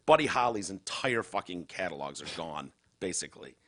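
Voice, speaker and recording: A podcast host with a Midwestern American accent trades casual talk-show banter, blunt, sarcastic, and full of swearing. His voice is low, a bit bright, and swings widely in pitch at a moderate pace.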